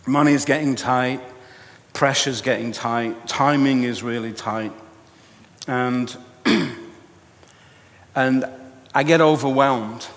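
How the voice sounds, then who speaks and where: A man preaching a sermon, telling a personal story with animated, self-mocking humor. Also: mid-range voice. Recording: long hall reverb.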